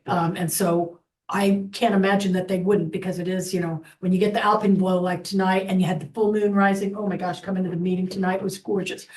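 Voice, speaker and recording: A woman's voice: mid-range voice, a little mellow. A woman on a city council giving her report at a meeting, chatty and rambling, with many fillers. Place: council chamber. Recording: roomy chamber, distant mic.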